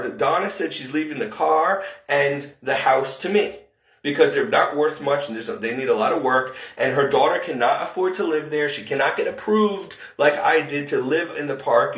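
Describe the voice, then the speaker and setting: A man venting about caring for an elderly woman, rambling in frustration, with quick rushes and slow, heavy emphasis. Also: a little high, roomy sound. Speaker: caregiver telling his story. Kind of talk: emotional personal vlog rant.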